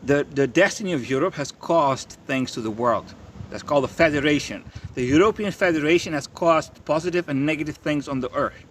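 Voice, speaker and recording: A young man rants in a profane, stammering monologue and keeps circling back to the same phrases. His voice sits a little high for a man. There is a faint hiss behind him. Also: fairly quick, fairly bright tone. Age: young adult. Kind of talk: ranting monologue.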